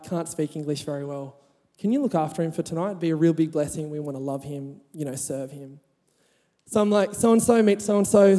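A high, warm-toned man preaches to his congregation in a chatty, storytelling way. His voice carries a long reverb from a large church hall. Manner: chatty, laughing, rising to emphatic. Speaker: pastor. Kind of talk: sermon with storytelling.

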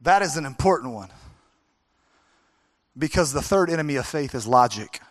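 A man's voice: medium pitch, animated, normal speed. A man preaching a sermon as pastor at a church service, driving his points home with emphatic, repeated exhortations.

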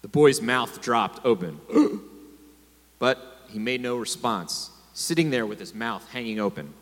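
A man's voice: mid-range voice, expressive, unhurried, a bit bright. Male preacher, sermon delivery with call-and-response, reverberant sanctuary sound. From America. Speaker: pastor. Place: congregation hall. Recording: long hall reverb.

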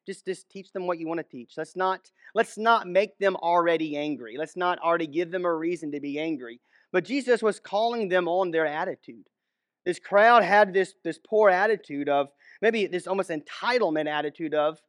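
A man preaches a sermon in a loose, conversational way, acting out short quotes and stumbling into restarts. His voice sits high for a man. The sound is dry and close, with no room echo. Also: expressive, moderate pace. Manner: conversational, storytelling, frequent restarts and acted-out quotes.

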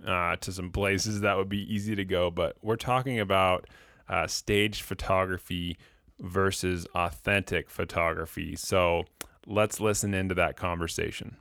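A man hosting a podcast, giving a brisk and informal introduction to the episode. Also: low-pitched, steady tone, vocal fry, a bit bright, no room sound, studio quality. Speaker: podcast host.

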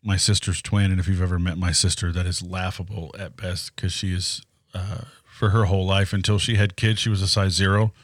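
A man's voice: deep voice, flat delivery, brisk, few pauses, dry recording, clean studio sound. A man chatting as a podcast guest, telling stories in a talkative, easygoing way. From Atlanta area, US. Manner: chatty storyteller. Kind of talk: casual chat.

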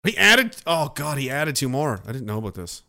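A man's voice: medium pitch, big pitch swings, a little fast, vocal fry, bright, forceful tone. A man streaming and reading viewer messages, talking in a rambling, profane, self-interrupting way. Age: older.

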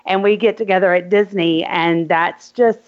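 A woman's voice: fairly low pitch, steady tone, moderate pace. Sentimental woman, muffled lo-fi sound. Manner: sentimental, rambling with many ums. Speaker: podcast co-host. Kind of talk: casual chat.

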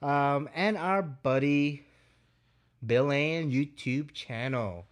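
A man's voice: a little high, slow. A man co-hosting a hobby podcast in loose, joking chat, swearing freely and laughing often. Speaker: podcast co-host.

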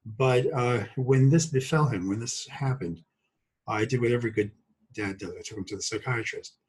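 A man in his sixties, originally from Brooklyn, speaks as a podcast guest in a husky, slightly breathy voice. His delivery is halting, with many fillers and false starts, and he keeps slipping in jokes. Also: mid-range voice, a little mellow, low-quality recording. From Brooklyn, New York. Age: 60s. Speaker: guest doctor. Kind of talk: podcast interview.

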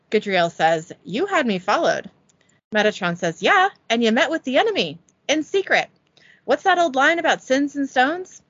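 A woman's voice: on the high side, fairly bright tone, no echo, highs cut off. A woman hosting a podcast, casually reading a script recap aloud and joking about it in a giggly, self-deprecating way. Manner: giggly, self-deprecating, reads quotes with little voicing. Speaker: podcast host recapping an episode.

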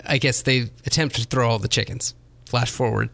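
Gravelly man telling a story with dry humor. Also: medium pitch, steady tone, normal speed, fairly bright tone. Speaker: co-host. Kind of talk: casual chat.

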